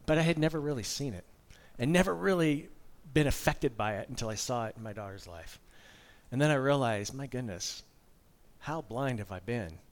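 A middle-aged man in his fifties delivering a sermon at an ordinary pitch. He talks like he is chatting with the congregation, mixing candid personal storytelling with casual asides. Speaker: preacher.

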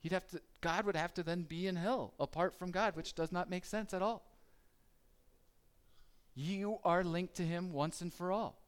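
A man's voice: sits high, fairly even intonation, normal speed, smooth. A man preaching a conversational sermon, asking the listeners questions and acting out their worries. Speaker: pastor.

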